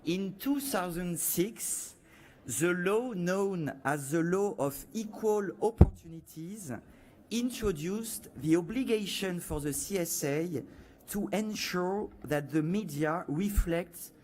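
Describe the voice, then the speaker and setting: A man with a French accent giving a prepared conference presentation as a panelist, measured and dotted with "uh" fillers. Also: high-pitched, lively intonation, darkish tone. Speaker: panelist from a media regulator.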